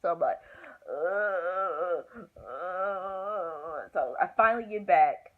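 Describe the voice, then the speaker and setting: A woman's voice: lowish voice, expressive, fast. A young woman vlogger telling a story casually and acting out the quotes with groans and whispers. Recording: tinny phone-like audio with faint hiss.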